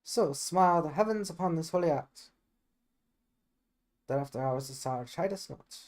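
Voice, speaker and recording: A man's voice: a little high, normal speed, darkish tone, pitched above the performer's own voice, close to an everyday voice. A man voicing a solemn older friar giving counsel, in an amateur reading of a Shakespeare play.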